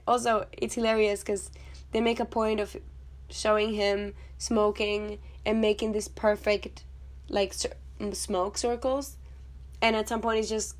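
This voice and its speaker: Chatty woman reviewing a film. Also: medium pitch. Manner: chatty, blunt, swears, rambling asides. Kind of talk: casual chat.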